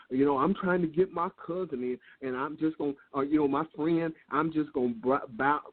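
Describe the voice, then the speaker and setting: A man speaking as a guest on a business interview call, laid-back and earnest, often restarting his words. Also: on the high side. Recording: tinny phone line.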